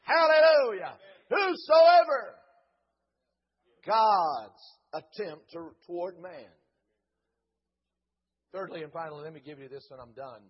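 A man preaching a Pentecostal sermon in a church, chanting and shouting his lines with rhythmic "uh" breaks. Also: high voice, wildly swooping pitch, normal speed, long pauses, slightly rough, lo-fi sound. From Dayton, Ohio.

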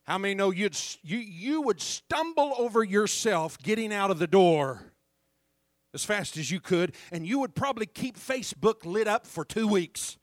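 A man's voice: sits high, big pitch swings, moderate pace, no echo, studio quality. A man preaching a sermon as pastor, fervent and calling out to the congregation for responses.

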